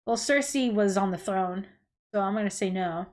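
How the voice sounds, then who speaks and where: A woman hosting a reaction video, blunt and animated, swearing freely and exclaiming as she chats. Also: medium pitch, moderate pace, faint music behind. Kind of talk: casual reaction commentary.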